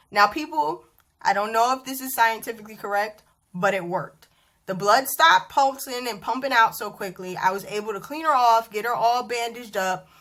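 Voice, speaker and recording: Chatty bright-voiced woman vlogger. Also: a little high. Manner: animated, chatty, acts out dialogue. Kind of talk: casual storytelling vlog. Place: bedroom at home.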